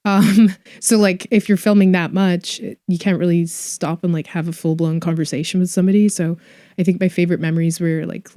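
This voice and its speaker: A woman actress chatting casually in an interview, full of fillers and quick laughs. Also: fairly low pitch, mellow, dry recording, studio quality.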